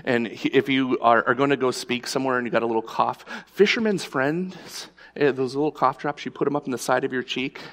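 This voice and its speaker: A man's voice: medium pitch, fairly quick, few pauses, fairly bright tone, in a large hall. A male pastor preaching a sermon, telling a personal story in a conversational storytelling way.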